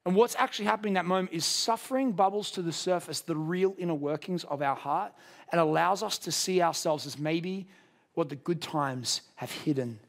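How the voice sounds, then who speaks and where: A man preaching a sermon, building with passion toward emphatic peaks and dropping low for quiet moments. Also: fairly quick. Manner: impassioned, rising to a near shout at climaxes. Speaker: pastor.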